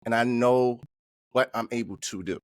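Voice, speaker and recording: A man's voice: medium pitch, steady tone, normal speed, dry recording, studio quality. A man hosting a podcast, speaking in a loose, reflective way with many fillers. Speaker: podcast host. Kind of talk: casual interview talk.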